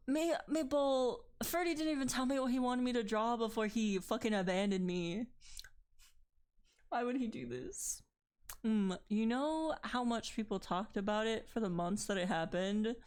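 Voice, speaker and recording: Slow-talking playful woman streamer. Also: a little high. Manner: laughs often, swears freely, rambling and playful. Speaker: art streamer. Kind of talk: casual chat while drawing on stream.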